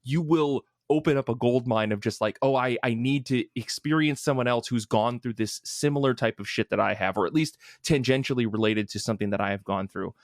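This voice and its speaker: Rambling, animated man podcast host. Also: brisk, few pauses, no room sound, studio quality. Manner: rambling with frequent restarts and fillers; enthusiastic, gets louder and higher when excited. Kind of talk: casual chat.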